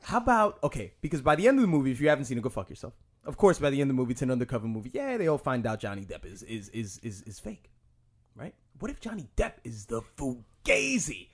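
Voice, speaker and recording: A man's voice: mid-range voice, big pitch swings, fast. A man co-hosting a podcast, chatting casually in a rambling, profane way full of fillers and restarts. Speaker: podcast co-host.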